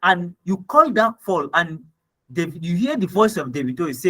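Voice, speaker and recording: Teaching copywriting over a screen share, a Nigerian-accented man reads ad copy aloud and then analyzes it, peppering in "right?" and "okay?". His voice sits high and sounds fairly bright, sing-song, at a normal pace.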